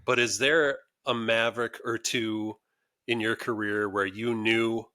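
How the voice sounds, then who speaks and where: A man's voice: fairly low pitch, flat delivery, measured pace, bright, forceful tone. A man co-hosting a podcast, asking a guest a long, rambling question. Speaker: podcast co-host. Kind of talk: casual podcast interview.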